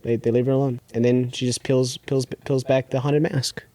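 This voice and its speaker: Mellow-voiced man rambling casually. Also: medium pitch, little pitch movement, moderate pace, dry recording. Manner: rambling retelling with filler words and acted-out quotes. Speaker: podcast co-host. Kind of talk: casual chat.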